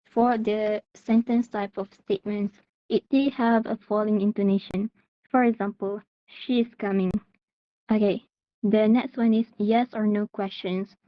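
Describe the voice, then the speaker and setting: A woman's voice: medium pitch, no echo, highs cut off. A woman from Malaysia teaching an online English class, explaining steadily with many "okay" and "uh" fillers.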